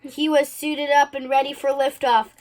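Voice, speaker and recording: A woman reading a children's picture book aloud in an expressive way. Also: high voice, normal speed. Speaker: storybook reader.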